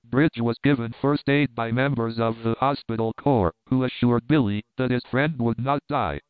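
Casting: man, audiobook narrator, smooth clear voice, dry, thin phone-like recording. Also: medium pitch, moderate pace, dry recording. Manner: steady, even storytelling. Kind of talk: scripted narration.

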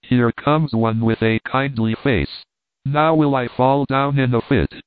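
A man's voice: mid-range voice, steady tone, measured pace, clean tone, no echo, close to an everyday voice. A man reading the part of a scheming, mocking young vagabond thief. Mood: bossy. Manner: bullying, scoffing. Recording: dry, phone-like narrow sound.

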